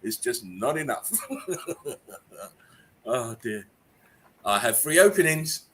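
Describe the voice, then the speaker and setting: A man's voice: mid-range voice, very animated, slow, fairly bright tone. A man casually reading memes and laughing constantly through them as a channel host. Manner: laughs constantly while reading jokes aloud. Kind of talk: casual meme-reading commentary. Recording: faint background noise.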